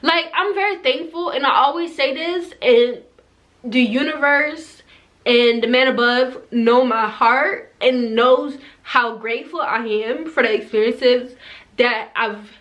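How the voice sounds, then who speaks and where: A woman's voice: sits high, unhurried, a bit bright, dull audio. A young woman vlogger telling a personal story time in a casual, emotional way, with lots of "like". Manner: casual, heavy use of "like", emotional and tearful in places.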